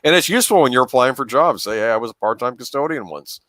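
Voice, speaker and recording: A man's voice: mid-range voice, animated, quick pace, fairly bright tone, no room sound. A man in casual podcast chat who talks in a reassuring way, often checking in with the listener. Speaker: podcast host.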